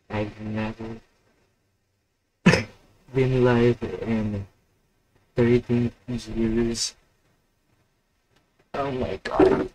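A man's voice: lowish voice, a little mellow, slight background noise, low-quality recording. A young man hosting a live stream alone, rambling and mocking himself while he waits for viewers. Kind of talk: casual solo live stream chat.

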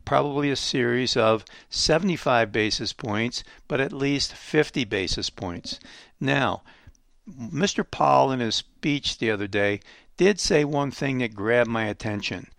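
Male show host, gravelly, mid-pitched, emphatic commentary with rhetorical questions, dry close sound. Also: lively intonation, unhurried, a bit bright, dry recording. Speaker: radio program host. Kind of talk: economic commentary monologue.

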